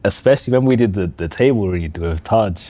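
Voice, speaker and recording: A man's voice: lowish voice, expressive, mellow. A man, speaking earnestly and reflectively about being a father in a casual chat. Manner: reflective, earnest, quick agreeing backchannels. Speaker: actor, podcast guest, father.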